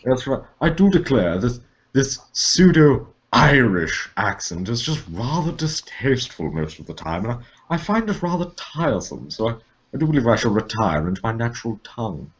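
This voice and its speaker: A man voicing a prissy, affected upper-class British gentleman in a mock British accent. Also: mid-range voice, sing-song, normal speed, highs cut off, lightly acted. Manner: florid, affected, mock-genteel.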